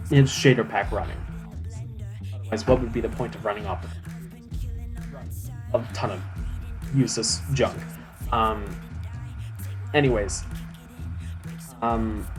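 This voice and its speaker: A man's voice: medium pitch, darkish tone. Rambling guy streaming games. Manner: rambling, lots of "um"s and restarts; chatty, self-mocking. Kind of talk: casual live-stream chat.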